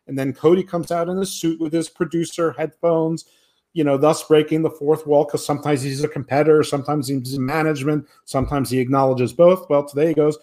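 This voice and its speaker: A man's voice: a little high, brisk. A man co-hosting a podcast, recapping wrestling in a rambling, sarcastic way and mimicking the people he quotes. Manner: rambling, sarcastic, animated when quoting others. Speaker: podcast co-host. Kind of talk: casual wrestling recap chat.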